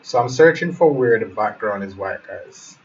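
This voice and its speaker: A man's voice: fairly low pitch, expressive, moderate pace. A man teaching web design in a live screen-share tutorial, thinking aloud and often calling his viewers guys. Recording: muffled, distant mic with faint hiss.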